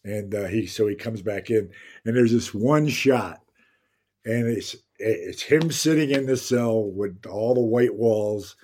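A man's voice: lowish voice, slow, husky. Older man telling showbiz anecdotes. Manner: animated anecdote-telling, acts out quotes, frequent laughter. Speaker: guest actor. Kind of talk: casual interview storytelling.

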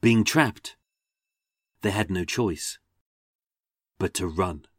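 A man's voice: deep voice, slow, dry recording, studio quality. A man narrating a true-crime story in a dramatic, scripted storytelling manner.

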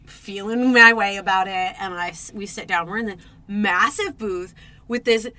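A young woman co-hosting a podcast, telling a dating story in casual chat, animated and swearing, acting out her own reactions. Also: medium pitch, moderate pace. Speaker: podcast co-host.

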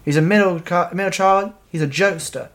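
A woman's voice: lowish voice, brisk. A woman from Cornwall with a Cornish accent, co-hosting a podcast, reading out facts in giggly, rambling casual chat. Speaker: podcast co-host.

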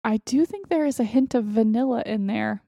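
A woman co-hosting a podcast in casual chat, enthusiastic and quick to affirm her friend. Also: on the high side, creaky, dry recording, clean studio sound. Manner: enthusiastic, warm listener with frequent affirmations. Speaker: podcast co-host.

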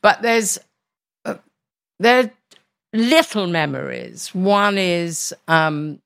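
A woman's voice: mid-range voice, animated, slow, creaky, fairly bright tone, no room sound, clean studio sound. An older woman with a London accent, a presenter and actor being interviewed, talking frankly and wryly with casual swearing. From East End of London.

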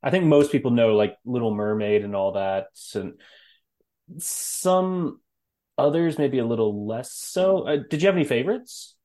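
A man with a mid-range voice co-hosts a casual book podcast. He keeps things relaxed, nudging his partner along with short questions and quick reactions. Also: mid-range voice. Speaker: podcast co-host.

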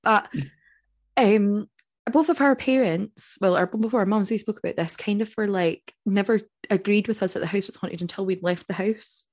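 A Scottish woman co-hosting a podcast, chatting in a relaxed and wry way. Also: mid-range voice, moderate pace, dry recording, clean studio sound. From Scotland. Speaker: podcast co-host. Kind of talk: casual chat.

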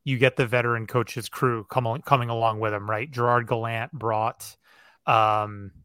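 A man hosts a sports podcast, thinking aloud as he talks. His tone is bright and forceful, at a middle pitch. The sound is dry and close. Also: little pitch movement, normal speed, clean tone, dry recording. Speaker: podcast host. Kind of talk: casual sports chat.

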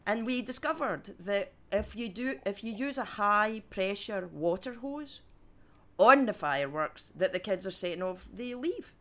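A woman's voice: medium pitch, animated, unhurried, bright, forceful tone. A woman on a comedy podcast panel, ranting with incredulous exclamations.

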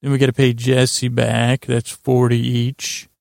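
A man rambling through a bedtime recap of a TV episode, halting often with uh and restarts and making dry asides. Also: medium pitch, little pitch movement, gravelly, a little mellow, dry recording. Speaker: podcast host retelling a TV episode as a bedtime story.

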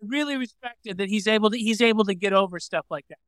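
A comedian tells a story in a casual, wry, deadpan manner. His voice is smooth and clear, and the sound is dry and close. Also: high voice, quick pace, no echo. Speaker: comedian guest.

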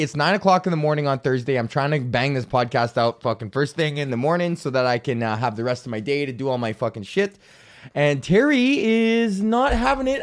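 A rambling, foul-mouthed man hosts his own podcast. His voice sits a little high for a man, and he jokes at his own expense as he rambles on. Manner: profane, rambling, self-mocking. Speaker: podcast host. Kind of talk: casual solo podcast rant.

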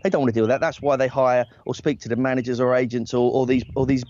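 A man's voice: mid-range voice, steady tone, fast talker, darkish tone, a little hiss or hum. Rambling, self-deprecating man in his forties. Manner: rambling, self-deprecating, frequent restarts and laughs. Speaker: talent agent, guest. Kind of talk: casual anecdotal chat. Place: outdoors in a hammock. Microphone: earbuds. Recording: dry, slightly dull sound.

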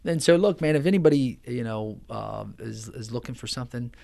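A man's voice: mid-range voice, animated, fairly quick, creaky, warm tone. A man speaks as a pastor guesting on a podcast. He talks earnestly and with emphasis, padding his lines with "man" and "you know." The sound is of a small studio. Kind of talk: casual testimony in a podcast interview.

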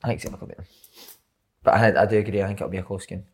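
A man's voice: deep voice, steady tone. A Scottish man hosting a casual football podcast, bantering and moving the chat between topics. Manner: brisk, banters, runs the segments. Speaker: podcast host.

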